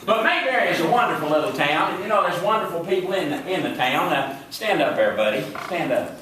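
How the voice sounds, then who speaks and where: A man playing an excitable, boastful small-town deputy with a Southern accent, rambling and fumbling for words in a live stage comedy monologue. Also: a little high, quick pace, slight background noise. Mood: folksy. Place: stage before an audience. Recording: echoey hall, from far off.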